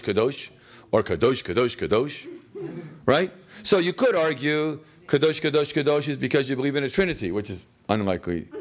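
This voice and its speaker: A teacher runs a classroom text study in a slightly higher male voice, peppering students with questions he frequently answers himself. He slips in small jokes and chuckles at his own lines.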